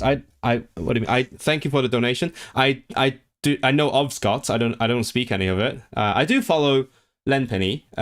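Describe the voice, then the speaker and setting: A man in his thirties from Hong Kong, chatting casually on a livestream, reading viewers' messages aloud and rambling with many restarts. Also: fairly low pitch. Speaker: livestream host.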